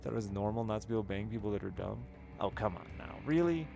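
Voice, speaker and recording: A man's voice: lowish voice, expressive, very fast, creaky, darkish tone, soft background music. A man streaming and chatting with viewers, telling candid, rambling personal stories with frequent laughs. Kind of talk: casual chat with stream chat.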